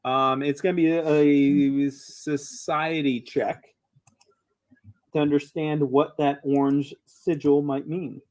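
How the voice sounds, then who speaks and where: A man's voice: fairly high pitch, slow. Hesitant male game master. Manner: relaxed, hesitant, many ums. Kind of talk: narrating a tabletop game.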